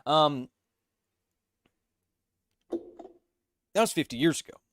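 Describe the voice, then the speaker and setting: A man's voice: on the high side, animated, a bit bright, dry recording, studio quality. A man in his thirties hosting a casual live stream, reading viewer comments aloud and joking between them. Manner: joking, reads chat messages aloud with quick asides. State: coughing fits. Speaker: livestream host.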